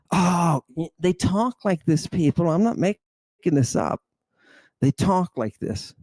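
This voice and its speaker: A man with a fairly high pitch for a man gives a theatrical lecture in a dry, close sound. He throws in exclamations and calls his audience "people" as he goes. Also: animated, a little slow, a little mellow, no room sound. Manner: exclamatory, addresses listeners as "people".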